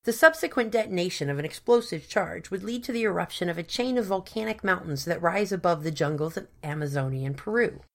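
A woman reading as an earnest gentleman scientist. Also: on the low side, animated, fairly quick, hardly any pauses. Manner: precise, explanatory, long formal sentences.

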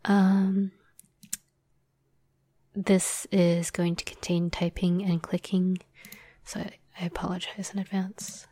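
A woman's voice: on the low side, little pitch movement, slow, long pauses, dark tone, no room sound. A woman hosting her podcast in a whispered chat, hesitant and self-deprecating, with many fillers. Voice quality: breathy whisper. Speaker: podcast host and script writer.

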